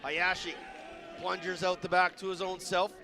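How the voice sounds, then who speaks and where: A man calling a lacrosse game live, rattling off names quickly and shouting on goals and saves. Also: high voice, flat delivery. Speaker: play-by-play commentator. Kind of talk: live sports commentary. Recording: loud stadium crowd behind.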